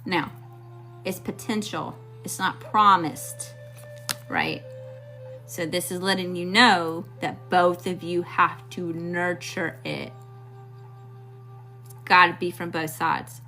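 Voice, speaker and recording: A woman's voice: on the low side, fairly even intonation, slow pace, pauses often, pushed and bright, soft background music. A woman from Mississippi with a Southern accent, giving a blunt, slangy live tarot reading straight to her viewers. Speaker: tarot reader.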